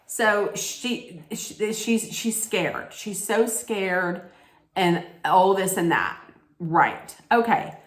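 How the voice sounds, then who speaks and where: A woman's voice: mid-range voice, lively intonation, extremely slow. A woman ranting in a casual recap vlog, blunt, scolding and full of profanity. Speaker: reality TV recap vlogger. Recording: echoey room.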